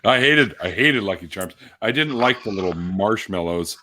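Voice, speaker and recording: A man's voice: fairly low pitch, expressive, normal speed, sharp tone. A man with a Canadian accent chatting casually on a stream, laid-back, swearing and laughing often. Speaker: streamer, channel host. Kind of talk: casual chat. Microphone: desk mic he keeps bumping.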